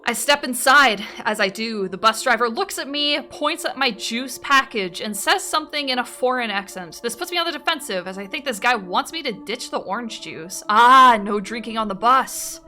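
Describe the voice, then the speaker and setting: A woman streamer reading out viewer confessions and reacting in an animated way, often breaking into laughter and swearing freely. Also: fairly high pitch, moderate pace, hardly any pauses, soft background music. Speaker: streamer host.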